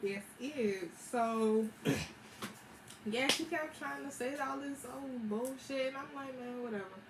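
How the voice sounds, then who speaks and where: A young woman, telling a story in a slangy, animated, casual way with frequent laughs. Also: high-pitched, takes it slowly, vocal fry. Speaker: vlogger. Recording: echoey room with background noise.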